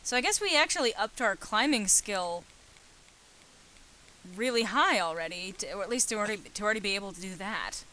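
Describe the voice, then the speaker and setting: A woman's voice: medium pitch, expressive, a little fast, bright, forceful tone, rough recording. A woman hosting a let's play, reading game text aloud and commenting casually. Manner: reads game text aloud, hesitant fillers.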